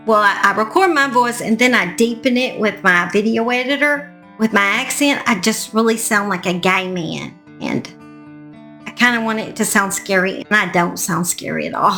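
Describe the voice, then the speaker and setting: A woman's voice: mid-range voice, pushed and bright. A woman hosting a true crime channel, reading a scripted outro and then chatting casually, joking at her own expense with mild fake swearing.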